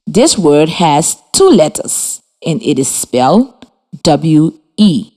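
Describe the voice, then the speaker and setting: A woman from Liberia teaching a children's reading lesson over radio, speaking slowly and clearly with encouragement. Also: deep voice, big pitch swings, mellow. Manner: slow, clear, encouraging, spells and claps out words. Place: radio studio with students.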